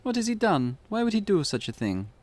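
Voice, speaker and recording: Guy doing a worried eastern european village wife, high pleading voice, swoops around a lot, insistent. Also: very animated, brisk, a little mellow, no echo. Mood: distressed. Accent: put-on Eastern European. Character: anxious young pregnant village wife.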